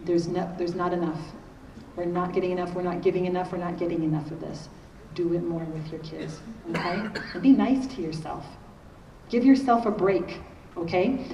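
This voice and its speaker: A woman's voice: on the low side, moderate pace, warm tone. A middle-aged woman giving a conversational conference talk on parenting, often checking in with her audience by asking "okay?". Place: large conference hall. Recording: echoey hall, distant mic, faint noise.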